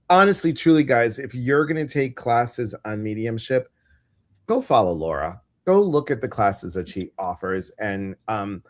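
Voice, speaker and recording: A man co-hosting a casual live-stream show, talking in a chatty, animated storytelling way. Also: mid-range voice. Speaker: co-host of a live intuitive show.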